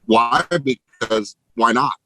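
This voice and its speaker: A man giving an energetic motivational pep talk to real estate agents, emphatic and casually profane. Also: mid-range voice, slow, no echo, poor audio. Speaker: real estate team leader.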